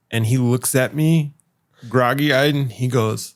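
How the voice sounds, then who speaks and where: A man's voice: mid-range voice, takes it slowly. Man telling loose, swearing stories. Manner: rambling storyteller, swears freely, laughs as he talks. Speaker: podcast guest or co-host. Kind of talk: casual podcast chat.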